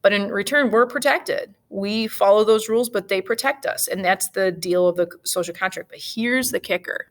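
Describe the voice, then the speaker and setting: A woman teaching a history lesson in a casual, lively way, with jokes and acted-out asides. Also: medium pitch, moderate pace, hardly any pauses. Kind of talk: casual classroom lecture.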